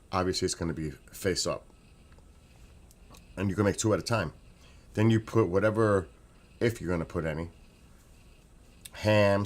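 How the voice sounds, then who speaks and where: A man with a deep, low voice talks in a loose, rambling vlog at home. He raves with enthusiasm and circles back to the same points again and again. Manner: enthusiastic, rambling, repeats himself. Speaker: vlogger. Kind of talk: casual chat.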